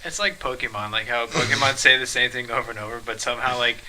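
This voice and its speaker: Young guy joking around, super bright tone, little bit of hiss. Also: mid-range voice, quick pace, rough recording. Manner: joking and laughing. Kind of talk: casual chat.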